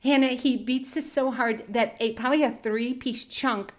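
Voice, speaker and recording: A middle-aged woman co-hosting a podcast, telling a story in a casual, animated way and often laughing. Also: fairly high pitch, moderate pace. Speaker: podcast co-host.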